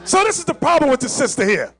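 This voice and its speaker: High, lively-voiced man preaching commentary. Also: quick pace. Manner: animated, interrupting with sudden high exclamations. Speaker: pastor commenting on a video. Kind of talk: live commentary on played clips.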